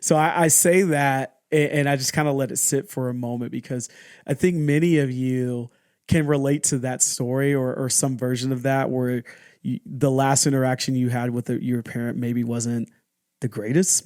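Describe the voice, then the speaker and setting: A young adult man hosting a podcast, telling a personal story in a candid, halting way, often restarting and acting out what people said. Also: mid-range voice, little pitch movement, a little mellow, no room sound, studio quality. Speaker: podcast host.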